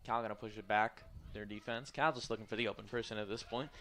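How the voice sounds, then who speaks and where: A man's voice: on the low side, fairly even intonation, quick pace, a bit bright. A young man doing live play-by-play for a college women's soccer game. He is a bit tired and mixes loose, joking asides into the call. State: tired, yawning. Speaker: play-by-play commentator. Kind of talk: live sports commentary.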